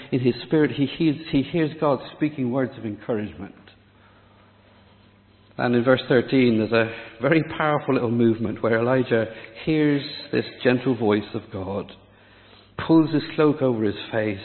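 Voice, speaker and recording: Guy giving a sermon, dramatic, goes almost quiet on the big words, sounds tinny like a phone. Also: medium pitch, big-room sound. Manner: dramatic, drops to a hush on key words. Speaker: preacher.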